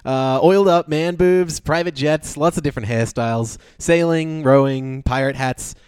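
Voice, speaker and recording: A man's voice: on the high side, normal speed, darkish tone, clear, resonant tone, no room sound, studio quality. A man co-hosting a podcast, recapping a reality show in chatty, laughing talk full of fillers. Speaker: podcast co-host. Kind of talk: casual recap chat.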